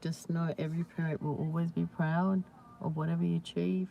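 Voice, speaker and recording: A woman hosting a casual live chat with viewers, talking warmly and reassuringly with many "you know"s and "yeah"s. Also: fairly low pitch, level tone, brisk, vocal fry, highs cut off, slight background noise. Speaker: livestream host.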